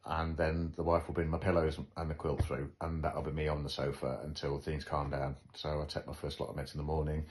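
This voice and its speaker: Deep-voiced male host, casual chat, dry self-mocking humour. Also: a little hiss or hum. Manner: wry, joking, self-deprecating. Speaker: podcast host.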